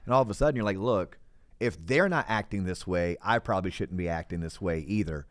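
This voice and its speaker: A man's voice: low-pitched, a little fast, no echo. Easygoing male podcast host from Florida. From Central Florida. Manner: relaxed, encouraging, many "yeah" backchannels. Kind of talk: casual interview chat.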